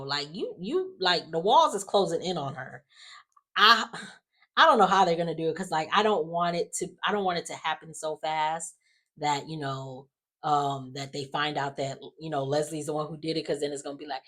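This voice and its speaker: A woman's voice: low-pitched, a little fast, fairly bright tone. A woman chatting casually as she recaps a soap episode, with lots of fillers, acting out the characters' lines as she goes. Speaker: soap opera recap vlogger.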